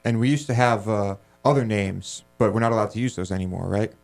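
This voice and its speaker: A man's voice: on the low side, fairly quick, gravelly, darkish tone. A man co-hosting a talk radio show who teases the host and jokes around between opinions. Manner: joking, teasing. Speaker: co-host and producer. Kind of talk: casual radio show banter.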